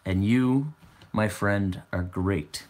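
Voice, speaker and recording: A man's voice: lowish voice, slow, a little mellow. Chatty young man hosting a livestream. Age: 20s. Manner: chatty, answers viewer comments aloud. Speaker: livestream host. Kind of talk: casual livestream chat.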